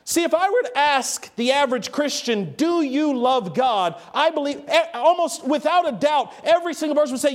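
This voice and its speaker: A man's voice: extremely high pitch, expressive. A man preaching a sermon, stretching out quoted phrases and now and then raising his voice for emphasis. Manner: emphatic, drawn-out quotes with bursts of raised voice.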